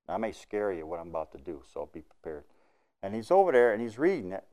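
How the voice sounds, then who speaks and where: A man with a fairly low voice recounts a testimony of faith from life on the road as a truck driver. He talks in a plain, folksy way with everyday grammar slips, and he turns loud and eager whenever the story hits its big moments. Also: quick pace. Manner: grows loud and excited at the high points. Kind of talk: spoken personal faith testimony.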